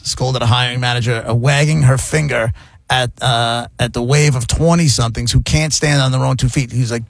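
Middle-aged male radio host, gravelly voice, animated banter. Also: mid-range voice, a little fast, dry recording. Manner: animated, reads headlines aloud and riffs. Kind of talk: casual radio talk.

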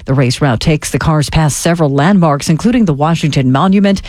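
A male radio anchor with a high voice reads headlines briskly. The sound is close and dry. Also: darkish tone, no echo. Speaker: news anchor. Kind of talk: radio news reading.

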